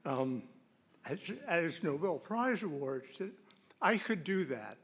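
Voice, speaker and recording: Shaky, hesitant man speaking quietly. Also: a little high, very animated, slow, breathy edge. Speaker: panel speaker. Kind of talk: memorial remarks.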